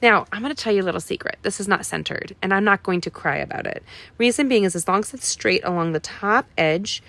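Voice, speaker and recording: A woman's voice: mid-range voice, fast, vocal fry, a bit bright, dry recording. A middle-aged woman hosting a live card-making tutorial, chatting folksily with viewers as she works. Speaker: card-making livestream host. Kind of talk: casual crafting tutorial.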